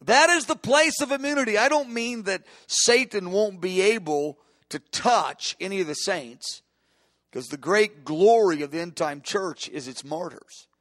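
A man's voice: sits high, animated, measured pace, no echo. Impassioned male preacher, dry sound. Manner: impassioned, builds to emphatic peaks, frequent restarts. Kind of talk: sermon.

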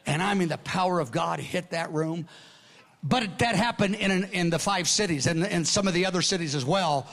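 An older man preaching in a storytelling style, conversational and animated, often dropping to hushed tones and restarting his sentences. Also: high-pitched, moderate pace, creaky. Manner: conversational, acts out dialogue, laughs often. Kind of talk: storytelling sermon with notes.

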